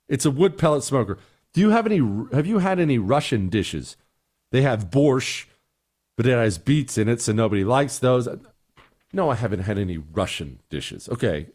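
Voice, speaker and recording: A man's voice: mid-range voice, a little mellow. A middle-aged man hosting a talk show, giving blunt, exasperated opinions and answering listener emails. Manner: blunt, exasperated, mocking voices in quotes.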